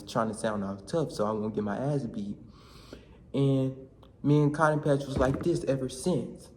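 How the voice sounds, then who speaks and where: A young man vlogging, telling a comic story in casual slang with animated bursts. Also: mid-range voice, normal speed, a little hiss or hum. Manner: animated, slangy, shouts in quoted lines. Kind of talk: comedic storytelling vlog.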